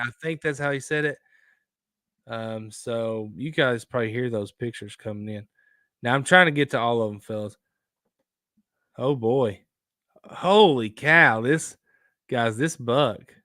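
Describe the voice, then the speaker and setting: A man hosting a casual outdoors live stream, rambling and excitable as he reacts to viewer photos. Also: mid-range voice, unhurried, no echo, studio quality. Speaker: outdoors show host.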